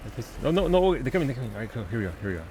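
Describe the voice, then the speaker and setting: A male game streamer talks through his play and answers chat, with a voice that leaps around in pitch. He is excitable and swears freely, breaking into laughs. A faint hum of ambience sits under him. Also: rapid-fire. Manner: excitable, swears often, laughs, thinks aloud. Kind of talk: live gameplay commentary and chat replies.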